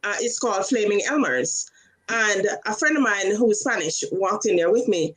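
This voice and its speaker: A Jamaican woman telling lively stories in casual chat on a video call, acting out the quoted voices. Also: mid-range voice, normal speed, a crowd in the background, poor audio.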